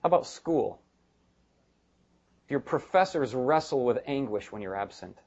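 Man, pastor, sermon, emphatic, joking asides, mid-pitched voice, muffled recording. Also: animated, normal speed, darkish tone.

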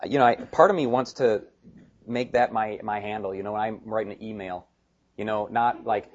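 A male pastor preaching a sermon in an animated, emphatic way, with joking asides. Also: fairly low pitch, normal speed, lo-fi sound.

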